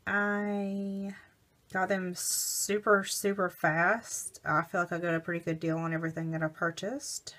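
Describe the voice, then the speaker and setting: A woman with a scratchy, hoarse voice from illness, chatting casually as she hosts a craft video. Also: on the low side. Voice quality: scratchy, gravelly. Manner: chatty, rambling, relaxed. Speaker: craft channel host. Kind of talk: casual unboxing vlog chat.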